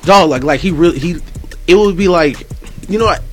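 A man's voice: on the high side, a little fast, slightly rough, faint music behind. A young man chatting casually, enthusiastic and emphatic, using slang. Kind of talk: casual chat.

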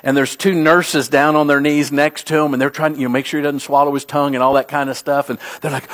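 A middle-aged man, a pastor, preaching a sermon with animated storytelling that rises to emphatic peaks. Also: mid-range voice, fast, few pauses.

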